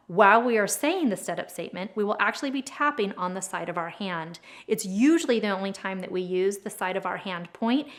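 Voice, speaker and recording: Young woman walking you through a how-to, soft and slow on the key bits, mid pitch. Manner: gentle, slows down to stress key words. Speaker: trauma educator and advocate. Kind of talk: instructional explainer video.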